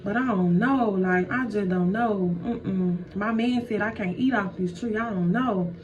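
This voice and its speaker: A woman's voice: mid-range voice, a little slow, close to an everyday voice. Woman doing sassy, slangy Eve. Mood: torn. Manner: sassy, loud, slangy comebacks. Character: sassy young woman Eve, defensive and hungry. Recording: dull, distant, faint noise.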